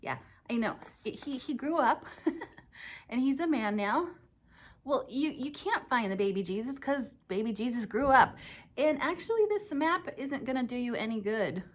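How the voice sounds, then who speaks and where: A woman's voice: on the high side, expressive, normal speed. A woman teaching a children's church lesson, speaking in a sing-song, exclaiming way as she chats with a dog puppet.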